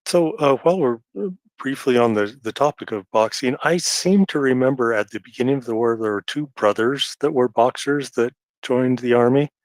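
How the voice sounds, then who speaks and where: A man talking hesitantly in a casual live audio chat, pausing often with fillers. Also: mid-range voice, no room sound. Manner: hesitant, halting, many fillers.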